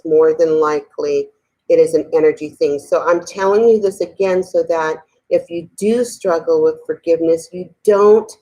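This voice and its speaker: A middle-aged woman teaching a spiritual talk in a conversational way, often asking "okay?", then slowing and softening to lead a guided meditation. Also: on the low side, low-quality recording. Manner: slows and softens while guiding breathing.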